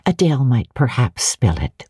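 A kindly older housekeeper speaks quietly and gently, as a woman reading the book voices her. The voice is husky and warm-toned. It is a storybook reading. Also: extremely low pitch, big pitch swings, moderate pace, dry recording, clean studio sound, pitched below the performer's own voice, full character voice.

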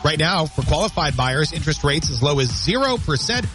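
Nasal, lively morning radio host man. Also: a little high, a little fast, music in the background. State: congested. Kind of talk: upbeat morning radio banter. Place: radio studio.

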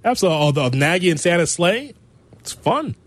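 A man's voice: high-pitched, sing-song, fairly quick, a bit bright, no echo. A man co-hosting a sports talk radio show in a studio, upbeat, laughing easily and reading station promos. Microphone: studio mic.

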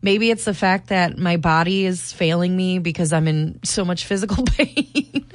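A woman's voice: on the low side, moderate pace, no room sound. A young woman, co-hosting a morning radio show in easygoing, giggly banter.

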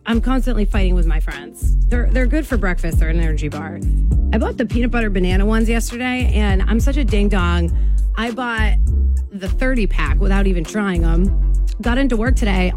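A woman hosting a morning radio show, chatting casually, laughing often and poking fun at herself. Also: mid-range voice. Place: radio studio.

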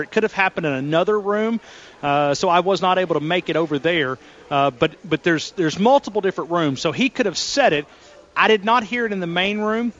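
A man's voice: fairly high pitch, a bit bright, highs cut off. A man calling into a sports radio show as a reporter, chatty and rambling with frequent restarts.

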